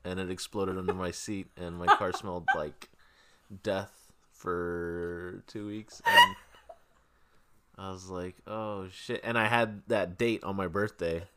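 A man hosting a podcast, telling stories in a casual, profane, animated way. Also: low-pitched, takes it slowly. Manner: swearing storyteller, animated. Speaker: podcast host. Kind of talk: casual chat.

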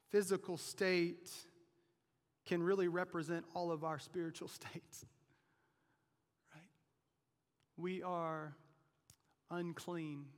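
A fairly high-voiced man preaching a sermon to a church. He presses hard on his key lines and then drops to near-hushed tones. The sound carries a long reverb from a big hall. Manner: emphatic preaching, voice rising to near shouts and dropping low. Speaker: pastor. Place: church sanctuary.

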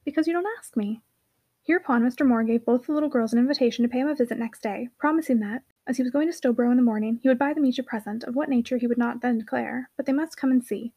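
A woman narrating a classic novel as an audiobook reader, in a brisk, clear reading. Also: a little high, steady tone, dark tone. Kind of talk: scripted narration.

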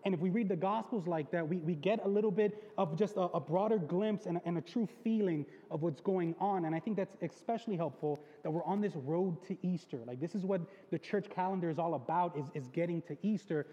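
A man preaching a casual, chatty sermon as pastor, repeating words and using slang, a little hoarse from losing his voice. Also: high-pitched, fairly quick, hardly any pauses, dark tone, long reverb tail, muffled recording. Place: church sanctuary.

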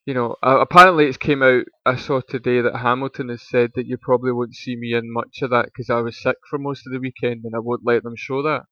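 A man co-hosting a podcast, talking in an animated, chatty way with frequent restarts. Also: mid-range voice, fast talker, hardly any pauses, no echo. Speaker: podcast co-host. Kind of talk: casual chat. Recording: dull lo-fi dry recording.

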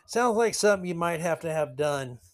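Mocking male podcast host, slightly high voice. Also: lively intonation, fairly quick. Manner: sarcastic, mocking, rambling asides. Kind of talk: solo commentary podcast.

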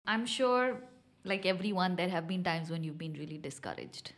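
A woman's voice: fairly low pitch, moderate pace. A woman hosting a casual interview, asking questions and affirming her guest. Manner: affirming, encouraging listener. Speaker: podcast host.

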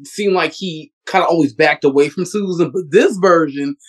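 A man on a podcast panel talks eagerly through a casual fan discussion, often checking that others agree. His voice sits a little higher than most men's. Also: normal speed. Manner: eager, talkative, asks for agreement.

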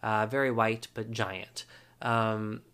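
A man's voice: lowish voice, little pitch movement, slow pace, a bit bright, smooth. A man hosting a podcast, recapping a reality show episode in a casual, chatty way with wry asides and frequent ums.

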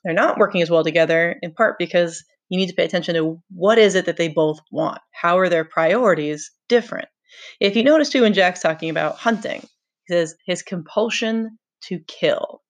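A woman's voice: on the low side, brisk. Casting note: woman teacher, reads aloud, stops to explain conversationally. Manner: conversational, explains with rhetorical questions. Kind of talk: reading a novel aloud with commentary.

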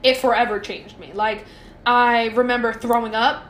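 A woman's voice: on the high side, moderate pace. A young woman co-hosting a casual podcast chat, talking candidly with lots of "like" fillers. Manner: candid, many "like" fillers, animated retellings. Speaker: podcast co-host. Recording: echoey room, faint ambient noise.

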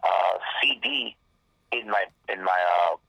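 A man's voice: on the low side, a little slow, vocal fry, dry recording, muffled recording. A man, a rapper guest, telling a rambling, profane story in casual talk and acting out the lines people said. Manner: profane, rambling, acts out quoted dialogue.

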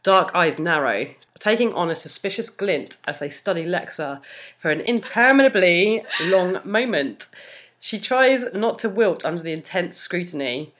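A woman's voice: fairly low pitch, expressive, normal speed, a bit bright. A woman co-hosting a podcast, reading fan fiction aloud and chatting, laughing often mid-sentence. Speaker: podcast co-host.

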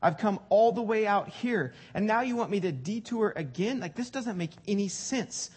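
A man's voice: sits high, lively intonation, moderate pace, darkish tone, husky, pitched above the performer's own voice. A man voicing a proud, indignant army commander who complains in long, huffy rambles.

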